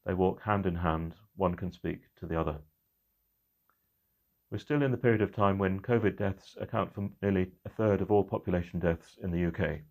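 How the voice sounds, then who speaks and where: Middle-aged male minister, deep voice, unhurried reflective delivery. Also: a little mellow. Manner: measured and reflective, slowing on key phrases. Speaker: church minister. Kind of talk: midweek reflection.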